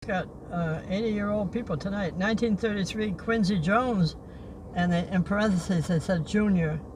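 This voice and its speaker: An older man hosting a livestream outdoors by the beach, reading historical notes in a halting way and slowing down on names. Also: high-pitched. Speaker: livestream host. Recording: noisy outdoor recording.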